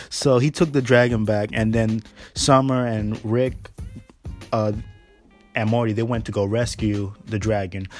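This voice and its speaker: A man hosting a podcast, recapping a cartoon episode in a casual, slangy, rambling way and laughing often. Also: mid-range voice. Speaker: podcast host.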